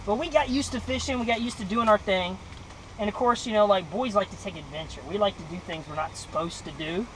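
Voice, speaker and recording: A young man from Mississippi, telling a lively personal story in a devotional talk and acting out the voices. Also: sits high, fast, a little hiss or hum, rough recording. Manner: animated storyteller acting out voices, laughing often. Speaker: devotional speaker.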